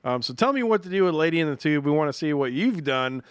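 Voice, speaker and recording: A man hosting a podcast in casual chat, relaxed and rambling with many fillers. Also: a little high, fast, smooth, no room sound, clean studio sound. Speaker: podcast host.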